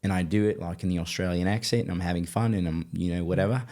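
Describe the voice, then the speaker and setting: A man from Colorado hosting a podcast, telling stories in a casual, animated way with lots of restarts. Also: deep voice, fast. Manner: animated, self-interrupting storyteller. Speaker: podcast host, actor. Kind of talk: casual storytelling chat.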